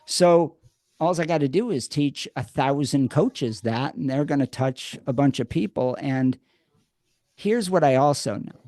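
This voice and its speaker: A man telling his story as a podcast guest in a lively, conversational way. He restarts and repeats words and acts out quotes from the past. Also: medium pitch, a little slow, no room sound, studio quality. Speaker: podcast guest, addiction program co-creator.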